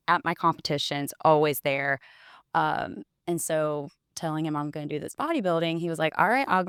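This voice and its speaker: Young woman, low voice, chatty interview guest, dry close sound. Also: a bit bright, clear, resonant tone, no echo. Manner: chatty storytelling, quoting others. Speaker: interview guest, wellness bodybuilder. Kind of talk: casual interview chat.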